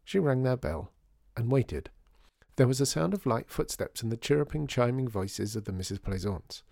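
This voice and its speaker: A male storyteller with a low, gravelly voice that turns husky and dark. His reading is lively and animated, recorded close and dry without any room around it. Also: moderate pace, dry recording. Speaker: narrator. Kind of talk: storybook narration.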